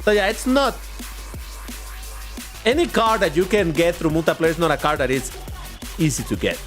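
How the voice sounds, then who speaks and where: A man livestreaming himself playing a racing game, chatty and opinionated. His voice sits a little high and swings widely, with sudden excited jumps. Soft music runs underneath. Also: normal speed. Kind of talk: live gameplay commentary.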